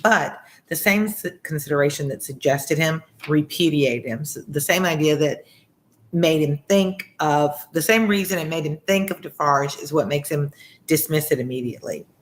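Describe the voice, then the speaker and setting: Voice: mid-range voice, normal speed. Casual tutor reading a novel aloud. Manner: casual explanations with fillers. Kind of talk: read-along with commentary.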